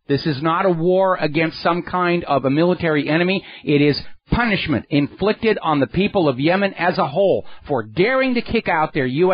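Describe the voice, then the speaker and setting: A man's voice: on the high side, no room sound. A man hosting a radio talk show, delivering a sarcastic, indignant political monologue into a studio microphone. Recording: dry, slightly dull radio studio sound.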